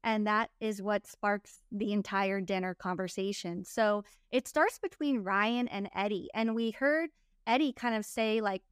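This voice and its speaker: Smooth-voiced woman recapping reality TV. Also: medium pitch, a little slow, dry recording, studio quality. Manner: chatty, acts out cast members' lines. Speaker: podcast co-host. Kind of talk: casual recap chat.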